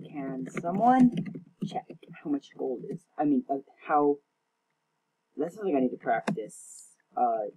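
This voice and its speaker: Breathy young man rambling over gameplay. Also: medium pitch, a little mellow. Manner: rambling, self-mocking, often tongue-tied. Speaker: gaming channel host. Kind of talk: casual gameplay commentary.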